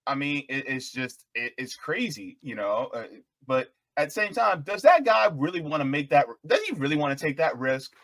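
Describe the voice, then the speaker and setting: A man's voice: a little high, moderate pace, hardly any pauses, no echo. A man hosting a casual commentary chat, reading out headlines and chuckling along with his co-host. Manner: chuckling, lively, reads headlines aloud.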